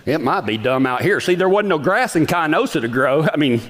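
A man's voice: on the high side, very animated, a little fast, fairly bright tone. A man telling a folksy story in a sermon, often asking the audience questions. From Texas.

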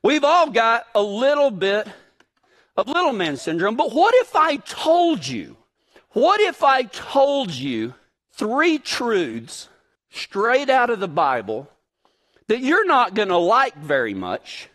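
A man preaching a sermon, telling a folksy, joking story in an animated way before turning to his point. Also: high-pitched, measured pace. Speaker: pastor.

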